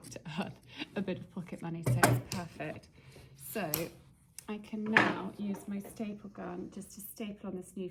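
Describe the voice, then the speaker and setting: Gravelly-voiced woman vlogging DIY. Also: on the low side, very noisy. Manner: chatty, thinks aloud, mutters and whispers to herself while working. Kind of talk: casual how-to vlog, talking while working. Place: cluttered workshop or barn.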